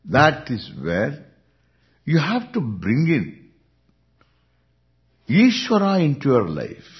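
A man with an Indian accent gives a Vedanta discourse as a spiritual teacher. He speaks very slowly, with a lively rise and fall, and chuckles often. The recording is dull and lo-fi. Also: fairly high pitch. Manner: unhurried, chuckling, lively intonation.

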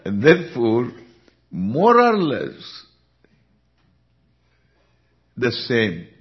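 A spiritual teacher with an Indian accent and a mid-range voice gives a Vedanta discourse. He speaks very slowly and unhurriedly, with lively rise and fall, chuckling often. The recording is dull and lo-fi.

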